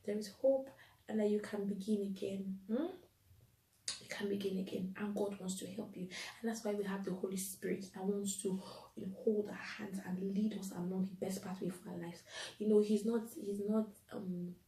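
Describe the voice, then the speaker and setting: A woman delivers an inspirational faith talk, earnest and pleading, circling back to repeat her key phrases. Her tone is mellow and soft-edged. She sounds set back from the mic in a room with noticeable echo. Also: medium pitch, steady tone, normal speed, recorded from a distance. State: tearful at times. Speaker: podcast host.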